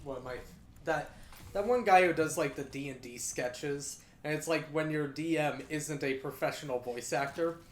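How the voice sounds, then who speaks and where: A man casually retelling a sketch in a rambling, halting way, as a friend on a game stream. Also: fairly high pitch, a little hiss or hum. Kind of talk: casual storytelling. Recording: echoey room.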